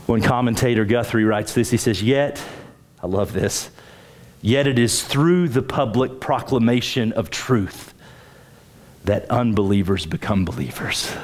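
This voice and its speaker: Male pastor mid-sermon, average pitch, builds emphasis on key points, restarts his phrases. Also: normal speed, a little mellow. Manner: emphatic, rising pitch on key points, repeats words when starting phrases.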